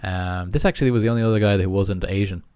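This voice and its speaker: A young Irish man telling stories as a podcast guest, animated and acting out other people's lines. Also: lowish voice, quick pace, clean tone, dry recording, studio quality. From Ireland. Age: young adult. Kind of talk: casual storytelling.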